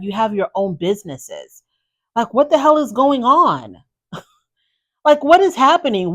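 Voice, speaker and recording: A woman giving blunt, opinionated commentary as a reality TV recap host, firing off exasperated rhetorical questions. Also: medium pitch.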